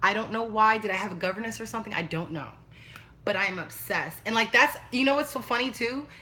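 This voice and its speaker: A woman's voice: medium pitch, brisk, bright, forceful tone. A young woman chatting casually and bluntly on a livestream, swearing freely. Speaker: vlogger.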